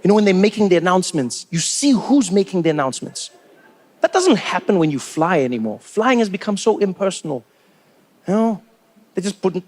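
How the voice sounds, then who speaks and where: A man's voice: sits high, a little mellow. A man in his forties from South Africa doing stand-up comedy, telling stories with incredulous rising questions.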